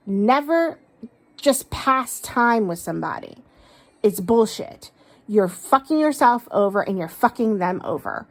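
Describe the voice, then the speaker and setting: A woman's voice: on the high side, animated. A woman doing a casual tarot reading, blunt and emphatic, swearing often as she rants and gives advice. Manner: blunt, ranting, swears a lot; emphatic, stresses words slowly. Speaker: tarot reader.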